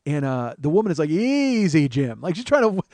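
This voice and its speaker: A man in his forties telling a profane, animated comic story on his podcast. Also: on the high side, no echo. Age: 40s. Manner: profane, animated, quick asides. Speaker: comedian podcast host. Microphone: studio microphone he adjusts.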